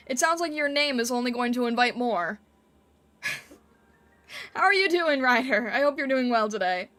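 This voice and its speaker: Giggly woman streamer, pretty high voice, chatting with her viewers, faint music behind. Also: animated, normal speed, pauses often, a bit bright. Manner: giggly, playfully reacting to chat. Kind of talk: casual live-stream chat.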